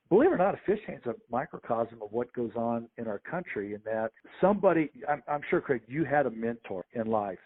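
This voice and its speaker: A man, a sports official and podcast guest, telling lively anecdotes and acting out the people in them. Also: medium pitch. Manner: animated anecdotes with quoted voices. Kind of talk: storytelling interview. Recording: phone-like narrow audio.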